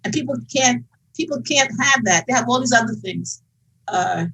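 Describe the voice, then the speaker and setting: A woman's voice: on the high side, expressive, moderate pace, creaky, sharp tone, slightly rough, low-quality recording. An older woman on a family video call speaking earnestly and emotionally about faith and her goals.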